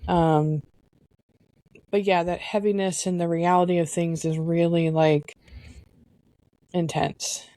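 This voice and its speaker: A woman co-hosting a podcast, talking candidly and reflectively, pausing often to search for words. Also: on the low side, level tone, dark tone, no room sound. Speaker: podcast co-host. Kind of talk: candid personal conversation.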